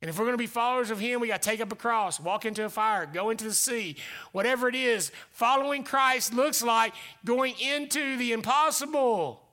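A male pastor delivering a dynamic sermon, swinging between loud exclamations and hushed whispers. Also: very high voice, brisk.

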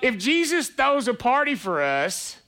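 A man's voice: very high-pitched, sing-song, unhurried, bright, forceful tone. A male pastor preaching a conversational sermon, chatty and playful, asking rhetorical questions.

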